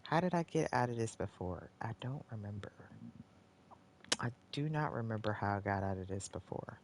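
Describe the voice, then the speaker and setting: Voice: medium pitch, expressive, moderate pace, noisy background. A live streamer giving gameplay commentary, talking to themself, swearing often, and sighing between lines. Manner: talks to self, swears often when frustrated; groans and sighs, swings between muttering and exclaiming.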